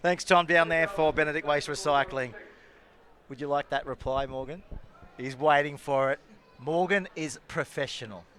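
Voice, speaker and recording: A man calling rugby league play-by-play, joking with his co-commentators and shouting when play heats up. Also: fairly high pitch, moderate pace. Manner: teasing banter, shouting excitedly at tries.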